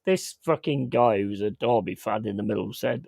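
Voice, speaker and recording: Gravelly, profane man telling stories. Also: mid-range voice, moderate pace, few pauses, no echo. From England. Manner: profane, laughing, rambling anecdotes. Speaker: podcast host. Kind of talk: casual storytelling chat.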